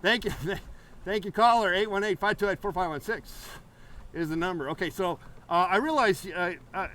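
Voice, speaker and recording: Man, painting show host, high voice, rambling, playful, live call-in. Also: moderate pace, a bit bright, a little hiss or hum. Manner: rambling, playful, many fillers and restarts.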